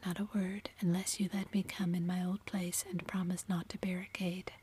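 A woman voicing a mischievous, boyish young married man as a whispered role-play, in a flat hush. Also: lowish voice, normal speed, a little hiss or hum, natural voice. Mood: playful. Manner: whispered, playful.

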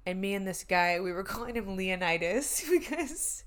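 A woman's voice: mid-range voice, expressive, moderate pace. A young woman in her twenties telling a story in casual chat, swearing, laughing and using lots of fillers.

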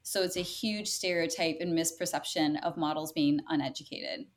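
A woman's voice: deep voice, normal speed. An American woman, a guest on a podcast, talking in an upbeat and earnest way. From United States. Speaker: podcast guest, life coach. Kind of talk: casual interview chat.

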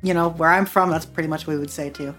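A woman's voice: deep voice, steady tone, fast talker, fairly bright tone, faint music behind. A woman from the United States, a podcast guest, talking in a blunt, sarcastic way. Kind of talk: casual chat.

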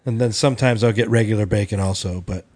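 A man on a comedy podcast telling stories in a halting way, with frequent restarts. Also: fairly low pitch, fairly even intonation, darkish tone. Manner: halting storyteller, restarts often. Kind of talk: casual anecdotal chat.

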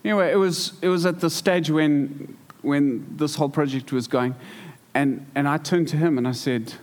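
A man preaching to a church congregation, telling stories in a lively way that stumbles and repeats words. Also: on the high side, normal speed. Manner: storytelling, animated, repeats words. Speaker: pastor. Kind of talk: sermon. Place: church hall.

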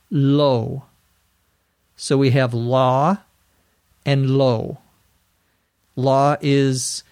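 Slow, careful American man teaching English. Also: mid-range voice, a little mellow, no room sound, clean studio sound. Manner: spells out words letter by letter and repeats them slowly. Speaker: podcast host and English teacher.

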